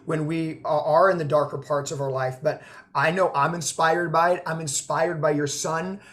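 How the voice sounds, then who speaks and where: A man with a high voice hosts a video call interview. He gushes with praise, full of fillers and emphatic encouragement. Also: steady tone, moderate pace, fairly bright tone. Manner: effusive, gushing, filler "like" and "girl". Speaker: host, notary trainer. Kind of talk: emotional interview chat.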